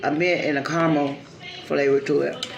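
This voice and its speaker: A woman's voice: low-pitched, level tone, normal speed, vocal fry. A woman hosting a casual food vlog, chatting easily with frequent murmured agreement. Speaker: vlog host. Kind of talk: casual chat during a food video. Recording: roomy recording with crowd noise.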